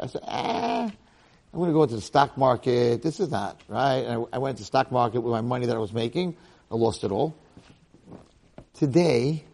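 A gravelly New rabbi in his sixties tells stories in a relaxed Torah talk. His voice keeps leaping up sharp and loud on the key words, then sinks to a soft, low murmur. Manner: excitable, bursts up high and loud to stress a point, then drops low and soft.

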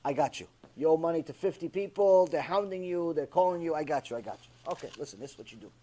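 A man's voice: fairly high pitch, quick pace. A man giving a mussar lecture on Torah ethics, telling jokes and acting out characters as he teaches. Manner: animated storyteller, jokes, acts out characters.

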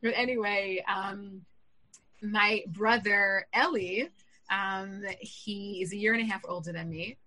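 A woman in her thirties, a public speaker, telling a personal story in an animated way and jumping up in pitch when she quotes herself. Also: measured pace, low-quality recording. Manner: animated, jumps high when quoting herself.

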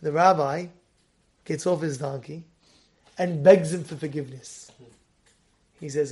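A man gives a Torah lesson as a lively story. His voice sits high. He puts on the voices of the people in the tale and moves from near-shouts to quiet asides. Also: measured pace, long pauses. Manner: animated, acts out the story's voices, swings from loud to hushed. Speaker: rabbi.

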